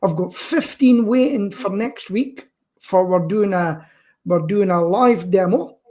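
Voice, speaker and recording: A man's voice: sits high, a little slow, a little mellow. A man with a Scottish accent chats on a video call. He talks casually, fills the talk with jokes and stories, and enjoys teasing the others. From Scotland. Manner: joking, chatty storyteller. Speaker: guest on a live-stream talk show. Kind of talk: casual chat.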